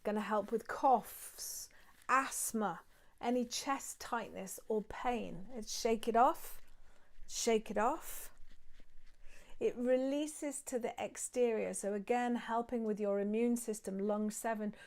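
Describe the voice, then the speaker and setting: A woman teaching acupressure and breathing, guiding listeners calmly step by step while she demonstrates on her own hands. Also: a little high, takes it slowly. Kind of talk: guided acupressure and breathing instruction.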